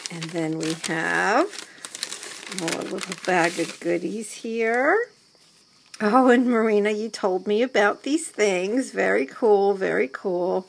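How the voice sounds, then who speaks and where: A woman vlogger unboxing a handmade gift, gushing and gasping, often dropping into soft whispers as she talks to the camera she holds. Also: medium pitch, vocal fry, breathy edge. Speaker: crafting vlogger. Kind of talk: excited unboxing chat to camera. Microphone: handheld camera mic.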